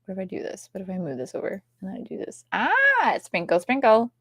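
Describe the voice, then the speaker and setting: A woman co-hosting a casual livestream chat, playful, sometimes dropping into soft whispers as she shows off her toys. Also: mid-range voice, wildly swooping pitch, fast talker, breathy edge, no room sound, clean studio sound. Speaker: co-host.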